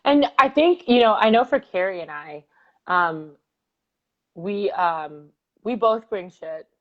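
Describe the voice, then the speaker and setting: A woman's voice: mid-range voice, expressive, slow. A woman co-hosting a casual conversation, speaking candidly and reflectively about her relationship, with frequent fillers and laughs. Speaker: co-host. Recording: dull lo-fi audio.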